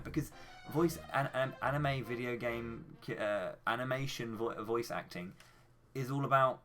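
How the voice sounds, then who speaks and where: A man's voice: medium pitch, moderate pace, few pauses, a bit bright, soft background music. A British man ranting passionately in casual live-stream commentary, swearing freely as he talks. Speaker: speedrunner and streamer.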